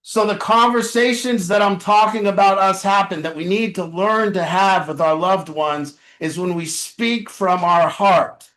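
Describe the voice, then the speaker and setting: High-voiced man leading a support group. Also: fairly even intonation, a little slow, few pauses, a bit bright, reverberant, poor audio. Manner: earnest, repetitive preaching cadence with rhetorical questions. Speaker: addiction family support group leader. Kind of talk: motivational group talk. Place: meeting room with a group.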